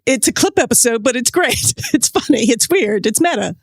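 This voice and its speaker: A woman's voice: on the high side, animated, normal speed, husky, dry recording, clean studio sound. A woman hosting an interview, answering with short affirmations and laughs. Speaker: podcast host. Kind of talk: conversational interview.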